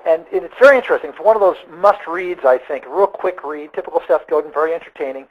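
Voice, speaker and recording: A man hosting a sales webinar, telling a story in an animated, conversational way with quick asides. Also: a little high, narrow, tinny audio. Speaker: webinar host.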